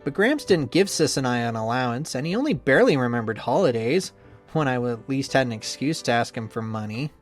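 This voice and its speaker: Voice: mid-range voice, expressive, brisk, pitched below the performer's own voice, natural voice. A spiteful young rival man, voiced by the reader, sneers through every line and swears freely. The speech rises and falls in wide swings. Faint music plays behind him. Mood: bitter. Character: bitter, resentful young male rival, sneering. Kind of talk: visual novel voice acting.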